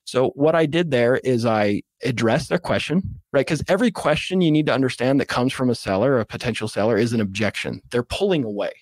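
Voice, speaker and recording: A man's voice: medium pitch, lively intonation, a little fast, few pauses, no room sound. A man in a casual interview explaining how he makes sales calls, acting out phone scripts in a coaching tone. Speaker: real estate investor guest.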